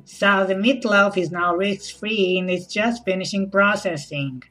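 A woman's voice: mid-range voice, unhurried, a bit bright, faint music behind, poor audio. A woman acting in a comedy sketch as an eager hostess who speaks about home life in earnest corporate buzzwords. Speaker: sketch actor playing a corporate-speak wife.

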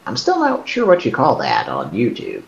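A man's voice: on the low side, wildly swooping pitch, normal speed, vocal fry, dull audio. A man hosting a live stream in casual chat, rambling and hesitant with self-mocking humor.

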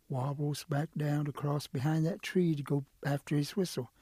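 A man telling a traditional animal folk tale in a relaxed, rhythmic way. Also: on the high side, normal speed, few pauses, breathy edge, no echo, studio quality. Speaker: storyteller. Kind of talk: traditional oral storytelling.

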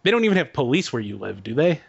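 A man's voice: medium pitch, big pitch swings, quick pace, vocal fry, breathy edge, no echo. Joking man on a muffled call. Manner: joking, wry. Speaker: podcast co-host. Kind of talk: casual chat over a call. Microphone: internet voice call.

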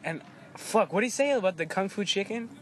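A man's voice: sits high, lively intonation, brisk, fairly bright tone, a little hiss or hum. A man co-hosting a casual podcast, telling rambling, crude stories and swearing often. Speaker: podcast co-host. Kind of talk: casual chat.

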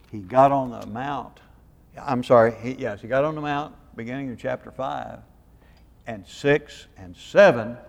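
A man's voice: medium pitch, long reverb tail, highs cut off. A man preaching a sermon in a rambling way, searching for words and quizzing his congregation. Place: church hall.

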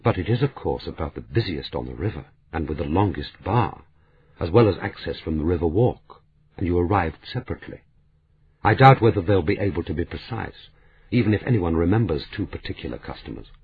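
A man voicing a sharp, sardonic middle-aged woman who needles the others, as a narrator reading a novel aloud. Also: low voice, expressive, brisk, slightly rough, no echo, heavily acted. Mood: cool. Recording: tinny phone-like sound.

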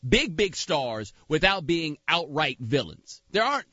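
A man co-hosting casual sports talk, emphatic and animated, repeating lines for effect. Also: fairly high pitch, measured pace, no room sound, muffled recording.

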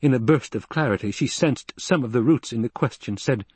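A man narrating an audiobook in a measured, dramatic storytelling manner with a husky voice. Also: medium pitch, a little mellow, no echo.

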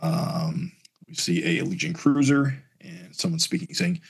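A man co-hosting a podcast, reading comic narration aloud in a casual, halting way with fillers and restarts. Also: low voice, sing-song, vocal fry, breathy edge.

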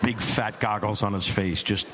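A middle-aged man telling a stand-up story as an exasperated dad, animated and climbing to near-shouts. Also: fairly low pitch, normal speed, slight background noise. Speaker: stand-up comedian.

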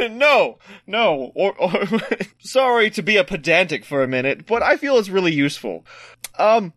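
A man's voice: sits high, big pitch swings, measured pace, a bit bright, no echo, studio quality. A man co-hosting a podcast in casual chat, joking and laughing often. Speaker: podcast co-host.

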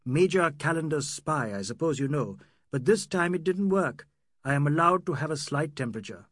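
A man's voice: on the high side, animated, moderate pace, fairly bright tone, no room sound, studio quality. A man reading an audiobook, voicing a proud, emotional young Indian doctor who turns from sardonic to earnest. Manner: sardonic, then earnest and pleading.

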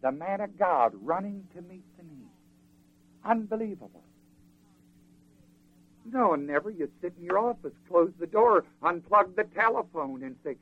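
A man preaching a sermon in a folksy, animated way, acting out the people in the scripture. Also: sits high, measured pace, long pauses, husky, muffled recording.

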